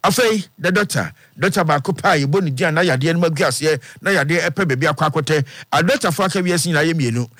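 Ghanaian male radio presenter, slightly high pitch, brisk rhythmic ad-read delivery, dry close studio sound. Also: a bit bright, no echo. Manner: brisk, rhythmic delivery, repeating phone numbers. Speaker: radio news presenter and ad reader. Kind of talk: radio news and ad reading.

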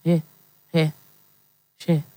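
A man's voice: extremely slow, warm tone, no room sound. A man with a Ghanaian accent hosting a live stream interview, talking casually and encouragingly, switching between English, pidgin and Twi.

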